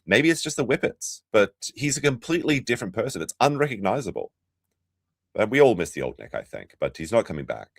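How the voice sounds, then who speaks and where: Sarcastic man with a lively low voice. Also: a little fast, creaky, no echo, clean studio sound. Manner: mocking, sarcastic, talks to chat. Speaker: commentary channel host. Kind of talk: reaction commentary on clips.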